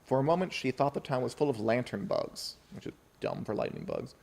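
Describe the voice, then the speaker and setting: A man's voice: mid-range voice, huge pitch swings, a little fast, vocal fry, a little mellow. A man co-hosting a casual podcast about a book, chatty, laughing often and reading passages aloud. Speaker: podcast co-host.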